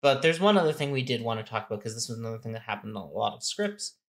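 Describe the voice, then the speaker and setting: A man's voice: medium pitch, sing-song, very fast. A man co-hosting a casual game-strategy talk, explaining step by step and thinking aloud with restarts. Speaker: co-host.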